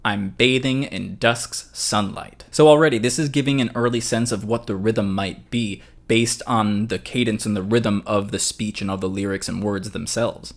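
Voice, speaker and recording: A man giving a casual online lesson on songwriting, explaining step by step in a chatty way with joking asides. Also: lowish voice. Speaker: music teacher.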